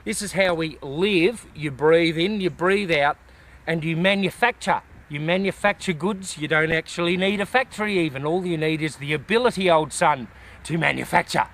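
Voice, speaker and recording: A man's voice: fairly high pitch, moderate pace, fairly bright tone. An Australian man rambling in a casual outdoor vlog, with folksy bush slang. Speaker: vlogger.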